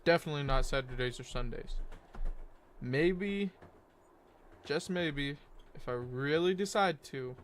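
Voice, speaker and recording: A man's voice: mid-range voice, a bit bright, slight background noise. Laid-back young man streamer. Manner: rambling and laid-back, many fillers and self-corrections. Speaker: game streamer. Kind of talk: casual stream chat.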